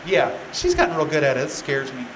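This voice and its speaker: A man's voice: a little high, sing-song, fairly quick, noisy background. A man teaching a youth Bible class, telling the story casually with joking, rambling asides to the room.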